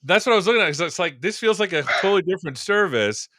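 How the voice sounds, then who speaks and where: A man's voice: high-pitched, animated, racing, bright, forceful tone. A man hosting a casual tech show, upbeat and joking, chatting with fillers. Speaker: show host. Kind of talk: casual tech interview chat.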